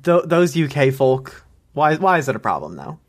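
A man's voice: mid-range voice, big pitch swings, moderate pace. A young man chatting casually as a podcast co-host, teasing with playful interjections. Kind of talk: casual chat.

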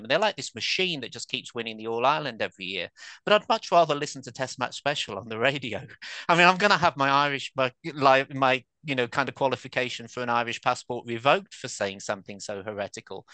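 A man's voice: medium pitch, bright, forceful tone, clean tone, dry recording. A man in his fifties from England, a guest author and academic, talking casually and self-deprecatingly, full of asides and fillers. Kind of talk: casual conversational interview.

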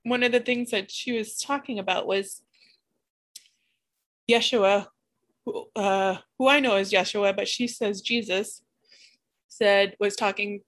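A woman at an ordinary middle pitch talks through a spiritual reflection in a searching, halting way. She often breaks off and restarts her sentences as she looks for the right words. Her delivery stays candid and emotionally open throughout. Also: fairly even intonation, fairly bright tone. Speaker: spiritual vlogger. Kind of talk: personal spiritual reflection monologue.

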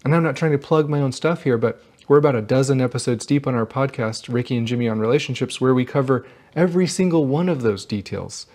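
Male host, relationship advice monologue, earnest and emphatic, mid pitch. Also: fast, hardly any pauses, a little mellow. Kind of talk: direct-to-camera advice talk.

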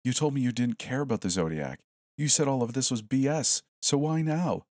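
A man's voice: medium pitch, lively intonation, moderate pace, a little mellow, dry recording, studio quality, voice pushed up, close to an everyday voice. A man voicing a cornered, defiant college student in a horror story, speaking in a raised, incredulous, pleading voice.

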